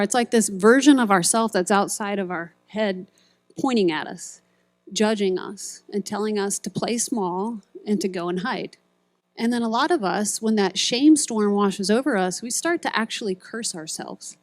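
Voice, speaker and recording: A woman's voice: medium pitch, normal speed, no room sound. A middle-aged woman giving a sermon at a retreat, telling stories and acting out quoted voices and buzzer sounds. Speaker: speaker at a ministry retreat.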